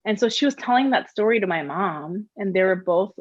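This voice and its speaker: A woman's voice: mid-range voice, fairly quick, no echo. Chatty lady interviewing, says like a lot, dry dull sound. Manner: chatty, lots of "like" fillers, lively storytelling. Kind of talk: casual conversation.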